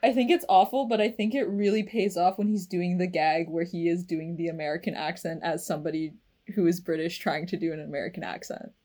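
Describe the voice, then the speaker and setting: A woman chatting casually about movies with friends, jumping in with quick remarks. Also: fairly low pitch, steady tone, mellow.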